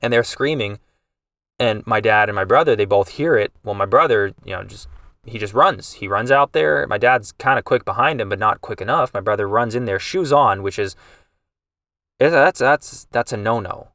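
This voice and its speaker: A man with a fairly low voice tells a story in a loose, rambling way, often restarting his sentences as the feeling rises. He sounds a little far from the mic in a dry room with no echo. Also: moderate pace, sharp tone. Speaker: podcast host. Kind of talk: casual storytelling monologue.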